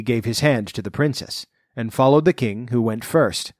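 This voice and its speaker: A man reading a fairy tale aloud in measured narration, then adding wry comments of his own. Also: mid-range voice, no room sound, clean studio sound. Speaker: storyteller.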